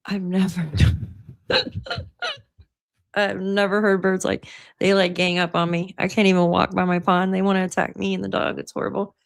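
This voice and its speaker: A woman's voice: medium pitch, flat delivery, normal speed, gravelly. A woman hosting a casual livestream from home, chatty and laughing often, swearing freely. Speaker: livestream host. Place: at home by her computer.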